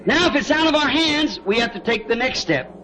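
A man preaches a sermon in a very high-pitched, sing-song voice that is fairly quick and sharp. He tells family stories in a folksy way, often asking "See?" The audio comes from a dull, lo-fi old tape with faint hiss.

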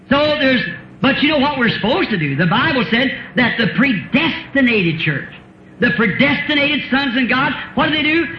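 High-voiced folksy preacher, old tape. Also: male voice, a little hiss or hum. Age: 50s. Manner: folksy, rhetorical questions, chuckles often. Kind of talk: sermon. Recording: roomy, dull old sermon tape.

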